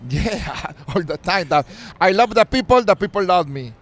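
A man who is not a native English speaker, a costumed street performer, talking haltingly in broken English with many pauses, outdoors in a busy city square. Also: sits high, lively intonation, a bit bright. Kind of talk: casual street interview.

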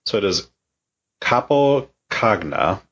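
Casting: low husky-voiced male podcast co-host, blunt and profane, slightly dull lo-fi sound. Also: expressive, takes it slowly, fairly bright tone. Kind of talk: casual podcast chat.

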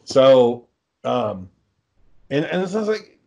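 A man's voice: medium pitch, slow pace, gravelly, a little hiss or hum. A man hosting a podcast, telling a long story in casual chat, swearing often and sounding exasperated. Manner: profane, exasperated, lively storyteller. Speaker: podcast host.

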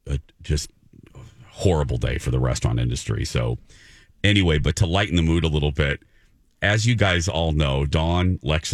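A man's voice: rumbling low, no echo, studio quality. A man hosting a radio show, chatting casually in a rambling, self-mocking way with many restarts. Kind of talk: casual morning-show chat.

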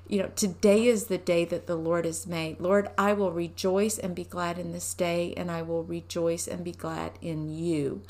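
A woman giving a conversational devotional talk from home, unhurried and asking her listeners rhetorical questions. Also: on the low side, vocal fry. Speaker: devotional teacher.

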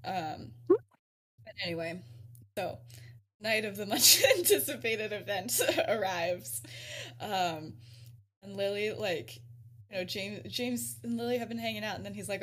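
A young woman co-hosting a podcast, casually retelling a story with frequent giggles, lots of "like", and quick acted-out quotes. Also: medium pitch, fairly bright tone. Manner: giggly, peppered with "like", acts out quotes. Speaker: podcast co-host.

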